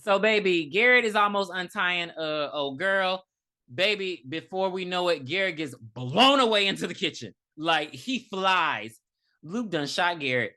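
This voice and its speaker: A woman co-host retells a movie plot in loose, profane chat, slipping into quick voices for the characters. Her voice sits a little low but sounds bright and forward. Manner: animated, profane storytelling with acted quotes. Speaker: podcast co-host. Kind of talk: casual movie review chat.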